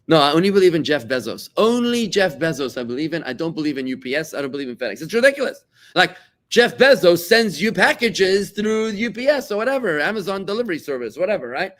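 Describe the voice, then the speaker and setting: A middle-aged rabbi from South Africa teaching a Torah class, animated and repeating words as he searches for them. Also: mid-range voice. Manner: animated, repeats words while searching, acts out quoted voices.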